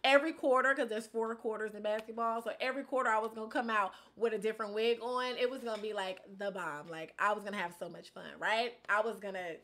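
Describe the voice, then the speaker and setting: Bright, high-voiced animated woman vlogger. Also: quick pace, hardly any pauses. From Inglewood, California. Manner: animated and expressive, slangy, switches between loud outbursts and low asides. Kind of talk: casual life-update storytelling.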